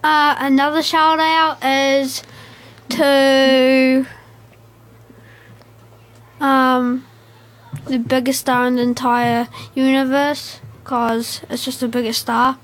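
High-pitched giggly young girl. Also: little pitch movement, takes it slowly, pauses often. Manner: giggly, silly.

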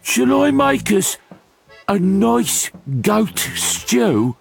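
A man's voice: high voice, very animated, extremely slow, gravelly, faint music behind, voice pushed up, full character voice. A man voicing a timid, polite male troll with a very small, meek voice in a storybook reading.

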